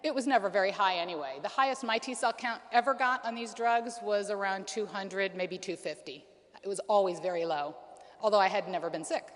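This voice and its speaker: A woman's voice: mid-range voice, fairly quick. A woman in her forties giving an earnest personal testimony at a conference, with frequent ums and restarts. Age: 40s. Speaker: conference speaker. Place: conference hall. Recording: reverberant hall.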